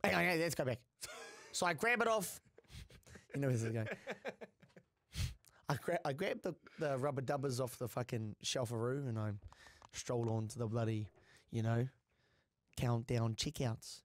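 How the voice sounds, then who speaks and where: A young man with a New Zealand accent, co-hosting a podcast and telling stories in a crude, slangy, animated way. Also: medium pitch, moderate pace, long pauses, no room sound, clean studio sound. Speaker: podcast co-host. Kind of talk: casual podcast chat.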